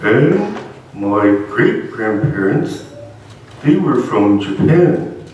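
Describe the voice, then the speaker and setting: Eager little frog puppet guy voiced by a man, slow sing-songy talk, super echoey hall, mic far off. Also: mid-range voice, sing-song, darkish tone, highs cut off, a little hiss or hum. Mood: chatty. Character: curious young male frog puppet, eager and playful. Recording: echoey church hall from a distance.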